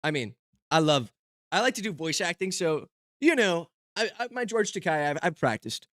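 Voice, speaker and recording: A man's voice: a little high, expressive, moderate pace, fairly bright tone, no echo, clean studio sound. A young man streaming casually, rambling with fillers and restarts, joking and poking fun at himself. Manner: joking, self-mocking.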